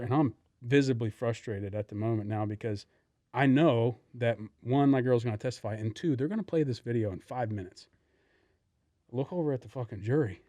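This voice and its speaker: Podcast co-host, man, profane animated storyteller; dry close sound. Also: medium pitch, no room sound. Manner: profane storytelling, acts out quotes. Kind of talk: casual podcast chat.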